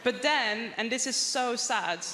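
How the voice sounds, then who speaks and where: A woman doing a stand-up set with a wry, deadpan, halting delivery. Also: fairly high pitch, heavy background noise. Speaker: stand-up comedian. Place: large theatre on stage. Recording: echoey live theatre hall, loud ambience.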